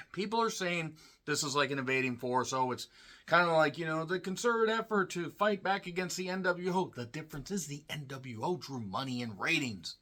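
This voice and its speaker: A man giving a solo review, talking in a sarcastic, profane, ranting way with frequent asides and throat-clearing. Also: on the high side, normal speed, pushed and bright. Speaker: wrestling show reviewer.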